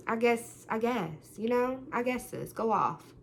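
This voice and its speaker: A woman's voice: fairly high pitch, measured pace, gravelly, hardly any pauses, slight background noise. A young adult woman vlogger telling a story in a casual, slangy way, with plenty of swearing. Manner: chatty, slangy, animated retelling with swearing.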